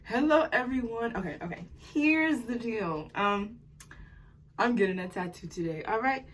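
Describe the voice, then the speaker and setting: A nineteen-year-old woman vlogs casually on her phone while getting ready at home, talking fast and rambling with coffee-fueled jitters. Her voice sits on the high side, bright with a husky edge, and she sounds excited.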